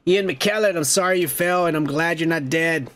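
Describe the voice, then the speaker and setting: A man's voice: a little high, normal speed, a bit bright. A man hosting a comedy podcast, ranting indignantly and swearing constantly. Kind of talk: profane comedic rant.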